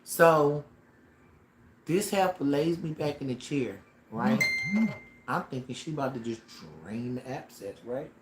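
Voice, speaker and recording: A man telling a personal story on a casual livestream, dramatic and animated, with slang and sound effects. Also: medium pitch, unhurried, slight background noise. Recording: roomy echo with faint ambience.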